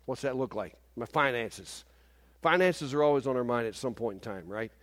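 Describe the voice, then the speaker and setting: A man in his fifties preaching a sermon in a church service, animated and often asking the congregation "Amen?". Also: medium pitch, moderate pace, in a large hall. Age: 50s.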